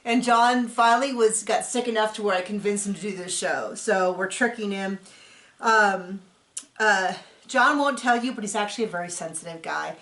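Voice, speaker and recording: A woman's voice: mid-range voice, moderate pace, fairly bright tone. A woman hosting a casual reality-show recap at home, talking in a chatty, rambling way and often correcting herself mid-sentence. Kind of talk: casual chat. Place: home room. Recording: roomy echo.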